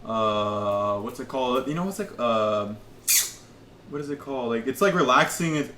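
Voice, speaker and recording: A young man co-hosting a casual podcast who talks in halting bursts, often searching for the word. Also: mid-range voice, expressive, bright, forceful tone. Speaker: podcast co-host. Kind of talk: casual chat. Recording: echoey room with faint background noise.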